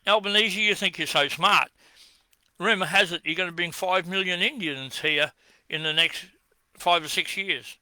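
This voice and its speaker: Combative Australian man with a bright, high voice. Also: no echo. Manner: combative, accusing, rhetorical questions. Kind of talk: ranting address to camera.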